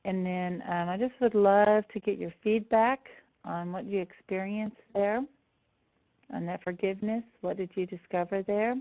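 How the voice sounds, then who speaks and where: A woman presenting an online seminar, tender and close to tears as she speaks warmly to her attendees. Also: medium pitch, fairly even intonation, moderate pace. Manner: warm, affectionate address to attendees. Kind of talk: live online seminar talk. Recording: tinny phone-like audio.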